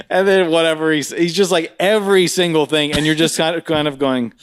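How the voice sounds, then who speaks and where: A man's voice: normal speed, pauses often, clear, resonant tone, no room sound, clean studio sound. A man co-hosting a podcast, telling a funny story in casual chat, laughing often and mimicking voices. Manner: animated, laughs often, mimics voices with big pitch jumps. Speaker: podcast co-host.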